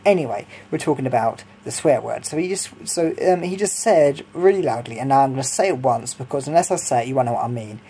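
A man's voice: mid-range voice, animated, quick pace, few pauses, warm tone, a little hiss or hum. A young man from Sussex, telling stories in a rambling, hesitant way with lots of ums and giggles. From Sussex, England. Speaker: vlogger. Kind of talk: casual storytelling.

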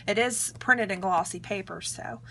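A young woman with a bright, crisp voice talks casually into her camera mic, gushing about a book she is reviewing. She keeps things loose, with plenty of "um" and "like" between thoughts. A faint hiss sits under the voice. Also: mid-range voice, moderate pace. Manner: chatty, filler-heavy, enthusiastic.

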